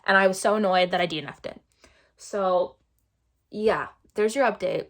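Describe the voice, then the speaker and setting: A woman's voice: mid-range voice, moderate pace. A woman vlogging a casual book review, exasperated and sarcastic, repeating herself for emphasis.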